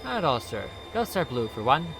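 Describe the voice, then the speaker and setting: A man putting on a stiffly courteous ghost conductor from a spooky adventure game, formal and sir-heavy. He is pitched a little above an ordinary male voice and talks at an ordinary pace. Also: big pitch swings, fairly quick, music in the background.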